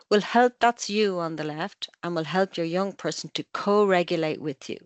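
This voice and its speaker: A middle-aged Irish woman, a family psychotherapist, calmly explaining parenting ideas with analogies in an online webinar. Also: low-pitched, no room sound. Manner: calm, measured explaining with analogies.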